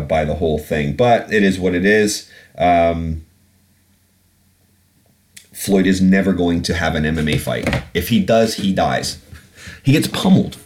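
A man hosting a podcast, ranting bluntly and swearing often, with plenty of ums and restarts. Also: a bass voice. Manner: blunt, sweary, animated ranting with frequent fillers. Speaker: podcast host. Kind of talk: casual solo podcast rant.

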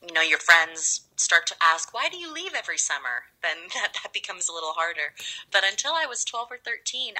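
Bright-voiced woman telling stories. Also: fairly low pitch, low-quality recording. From Los Angeles. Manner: animated, drawn-out storytelling. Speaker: guest actress. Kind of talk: casual interview storytelling.

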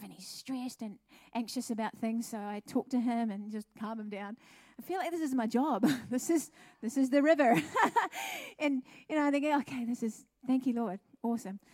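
A middle-aged woman, a pastor's wife, telling her testimony at a church service in a chatty, animated way. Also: fairly high pitch, no room sound, clean studio sound. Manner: chatty, animated storytelling with laughs.

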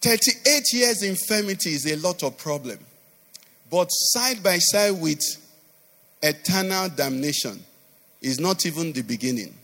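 A man's voice: fairly high pitch, expressive, unhurried, pushed and bright. A male pastor preaching a sermon, with sing-song emphasis and constant call-and-response questions to the congregation. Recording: reverberant church hall.

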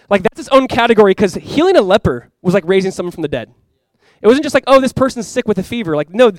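Lively high-voiced young man preaching. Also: dry recording. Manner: animated, with sudden loud bursts and quiet asides; casual, conversational preaching with fillers and restarts. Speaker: pastor. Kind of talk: sermon. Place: church.

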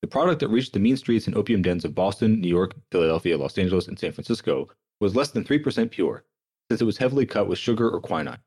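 A young man hosting a podcast, reading history notes aloud with quick, sardonic asides. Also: on the low side, lively intonation, darkish tone, husky. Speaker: podcast host.

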